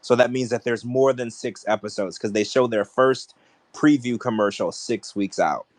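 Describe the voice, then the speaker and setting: A man's voice: mid-range voice, normal speed, no room sound. A man co-hosting a podcast, ranting in casual chat with strong opinions. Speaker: podcast co-host.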